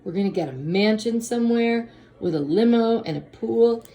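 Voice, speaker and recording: Woman doing an eager young boy, higher-pitched. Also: animated, normal speed, mellow. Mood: excited.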